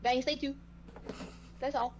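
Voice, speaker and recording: A woman's voice: high voice, flat delivery, unhurried, darkish tone, muffled recording, slight background noise. A woman playing a tabletop game, talking through her moves with lots of uhs and likes. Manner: hesitant, filler-heavy, careful planning. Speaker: player. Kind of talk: casual tabletop play.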